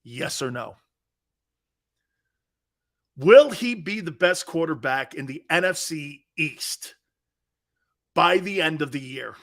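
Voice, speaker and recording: A man hosting a sports talk stream, reading fan comments and trash-talking in loud, brash bursts. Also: fairly high pitch, lively intonation, takes it slowly, pauses often. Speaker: sports talk show host.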